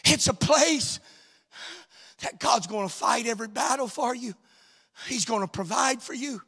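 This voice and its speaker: A preacher man with a high, bright, gravelly voice, delivering a sermon in a big hall with long reverb. He swings between loud, half-sung preaching and soft, low asides to the crowd. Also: measured pace.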